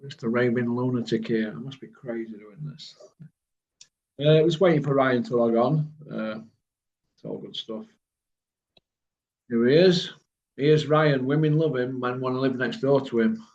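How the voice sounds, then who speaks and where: A man's voice: mid-range voice, darkish tone. Rambling Birmingham man on a muffled call. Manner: blunt, rambling, quick to laugh. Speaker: host. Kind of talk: casual online chat. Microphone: video call. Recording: muffled lo-fi video call audio.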